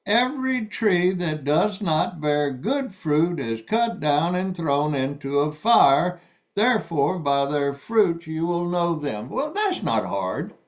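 Slow, emphatic male preacher. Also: a little high, sing-song, lo-fi sound. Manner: slow, deliberate, stressing key words. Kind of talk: sermon.

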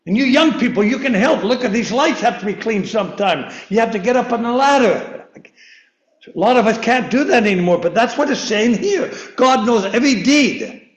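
High-voiced older preacher in echoey chapel. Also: male voice, animated, normal speed. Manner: rambling, repeats words, laughs at himself. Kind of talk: sermon. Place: church chapel. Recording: echoey room.

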